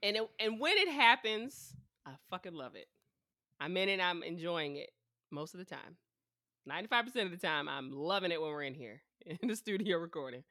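A woman's voice: lowish voice, lively intonation, a little fast, bright, forceful tone, dry recording. A woman in her twenties co-hosting a podcast in a studio, blunt and profane, telling stories with laughter. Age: 20s. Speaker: podcast co-host. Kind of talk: casual chat.

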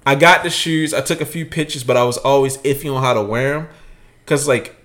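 On a casual sneaker podcast, a young male co-host tells stories packed with slang and swearing, acting out the different voices. His pitch is medium and he talks fairly quickly.

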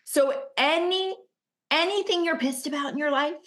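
A woman's voice: high-pitched, normal speed, a bit bright. A middle-aged woman coach giving an emphatic motivational masterclass over a video call, stacking up rhetorical questions. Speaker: business coach.

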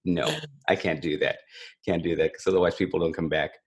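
A man's voice: low voice, fairly even intonation, fairly quick. A man co-hosting a podcast over a remote call, chatting casually and rambling with self-deprecating jokes. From California. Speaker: podcast co-host. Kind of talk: casual chat.

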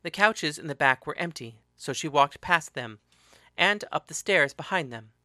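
A man narrating a story aloud in a steady, expressive reading voice. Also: fairly high pitch, normal speed, no room sound, clean studio sound.

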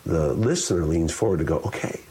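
A lowish-voiced man speaks unhurriedly as an interview guest explaining public speaking, with slight background noise behind him. He talks expressively and demonstrates various ways of saying things by shifting his delivery.

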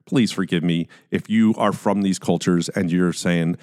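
A man's voice: low voice, fairly even intonation, normal speed, a little mellow. A man with a Philadelphia accent hosting a casual solo podcast, chatty and jokey with self-deprecating asides. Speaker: podcast host.

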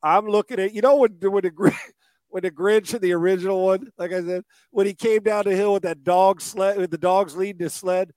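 A football coach in casual chat, joking and rambling with frequent stumbles and restarts. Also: male voice, sits high, steady tone, a little fast, a little mellow, dry recording.

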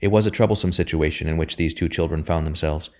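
A man narrating a novel chapter in a measured, even storytelling manner. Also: extremely low pitch. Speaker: audiobook narrator.

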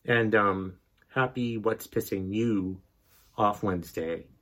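A man's voice: lowish voice, slow, a bit bright. A male podcast host delivering an exasperated, profanity-heavy rant. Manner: angry, exasperated, heavy swearing.

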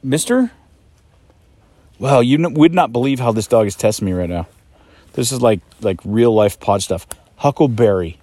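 A man's voice: medium pitch, brisk, warm tone, no echo. A man hosting a casual podcast from a campsite, rambling and joking about life on the road. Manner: joking, self-mocking, scolds his dog. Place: outdoors at a campsite in a state park.

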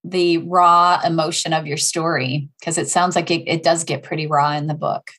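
Woman host, encouraging, slightly low voice. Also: level tone, moderate pace, fairly bright tone, husky. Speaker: podcast host. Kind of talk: casual interview chat.

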